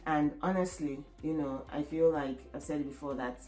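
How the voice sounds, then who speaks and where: A woman's voice: low-pitched, fairly even intonation, normal speed, warm tone. A woman co-hosting a podcast, talking in an earnest, reflective way and often checking in with "right?". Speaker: podcast co-host. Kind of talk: casual podcast chat. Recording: roomy echoey room.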